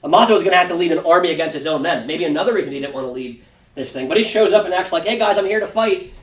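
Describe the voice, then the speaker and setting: A male pastor teaching a Sunday school Bible lesson in a conversational, animated way. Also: fairly high pitch, very fast. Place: church classroom. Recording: roomy room, distant mic.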